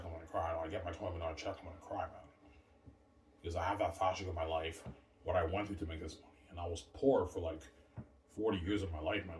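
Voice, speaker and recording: A man's voice: deep voice, slight background noise. A middle-aged man talking in a rambling, repetitive monologue, circling back to the same points and tossing in "man" often. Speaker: vlogger. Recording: roomy echo from a distant mic.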